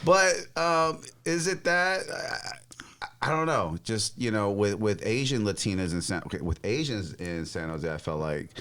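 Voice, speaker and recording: A man's voice: on the low side, expressive, normal speed, a bit bright, smooth. An American man hosting a casual podcast, asking questions with a joking, teasing manner and frequent laughs. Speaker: podcast host. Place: podcast studio.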